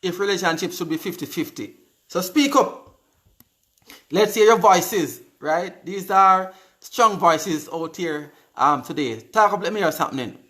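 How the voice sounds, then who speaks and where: A man's voice: high-pitched, lively intonation, a little slow, bright, forceful tone. A Jamaican man hosting a live stream, chatting casually and reading out viewers' comments, often repeating his words. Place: indoors on live video.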